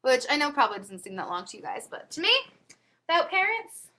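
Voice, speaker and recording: A woman's voice: high-pitched, very animated, quick pace, pushed and bright. A teenage girl chatting casually to her webcam at home, giggly and full of asides. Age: teens. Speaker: vlogger.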